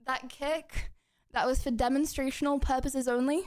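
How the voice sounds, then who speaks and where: Bubbly high-voiced breathless woman streamer. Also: moderate pace. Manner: bubbly, excitable, joking with chat. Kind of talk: casual live-stream chat. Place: home kitchen. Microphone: streaming mic, wearing headphones.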